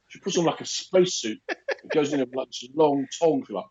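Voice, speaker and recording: A man co-hosting a casual chat, telling animated stories and acting out other people's lines. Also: on the high side, moderate pace. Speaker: podcast co-host. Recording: muffled lo-fi recording.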